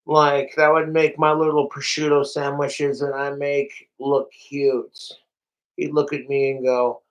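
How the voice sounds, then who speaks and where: A man's voice: a little high, completely flat delivery, a little slow, poor audio. A man livestreaming, rambling profanely and animatedly straight to his viewers in casual chat. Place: home, overnight livestream.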